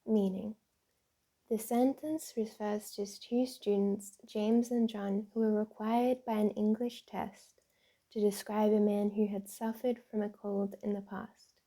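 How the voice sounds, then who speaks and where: Asmr lady reading tongue twisters soft, super mellow dark tone, medium pitch. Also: level tone, measured pace. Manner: reads aloud carefully, repeating word games and tongue twisters. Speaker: ASMR creator.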